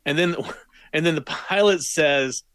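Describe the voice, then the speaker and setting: A man's voice: fairly high pitch, a little slow, fairly bright tone, smooth, no echo. A man co-hosting a podcast, asking questions and correcting plot details in casual movie talk. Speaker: podcast co-host.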